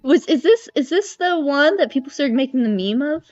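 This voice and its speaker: A giggly woman streamer chatting casually, her voice high and swinging all over. The audio is dry and dull, like a lo-fi stream feed. Faint music runs underneath. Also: expressive, a little fast, a little mellow, no echo. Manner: giggly, playing along. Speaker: streamer host.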